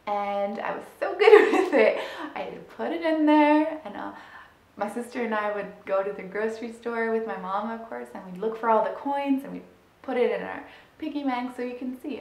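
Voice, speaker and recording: A woman in her thirties telling a personal story as a money mindset coach, animated and laughing as she goes, climbing high and loud at the exciting moments. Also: moderate pace, creaky. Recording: roomy echo.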